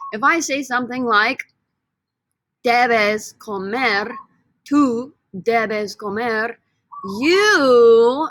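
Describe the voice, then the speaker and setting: A woman's voice: on the high side, a bit bright, no echo. A woman teaching a Spanish vocabulary lesson with repeat-after-me drills, playful and upbeat, joking with her students.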